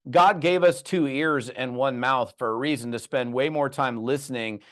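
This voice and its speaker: Animated man coaching salespeople. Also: medium pitch, normal speed. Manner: lively storytelling with acted-out dialogue. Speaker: network marketing trainer. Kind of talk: animated training talk.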